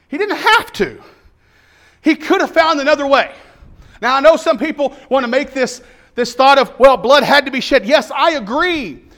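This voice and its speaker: Brief: male pastor preaching, high-pitched, rhythmic repeated phrases, emphatic delivery. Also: animated, normal speed, fairly bright tone. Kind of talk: sermon.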